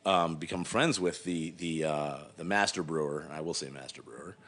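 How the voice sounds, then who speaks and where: A man's voice: low voice, fairly even intonation, normal speed, fairly bright tone. A middle-aged man, a guest brewer, telling a long rambling story in a casual interview, full of fillers and acted-out quotes.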